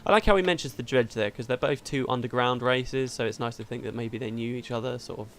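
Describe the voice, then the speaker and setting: A man's voice: medium pitch, quick pace, a bit bright, slight background noise. A man hosting a let's play, chatting casually through the game and laughing easily.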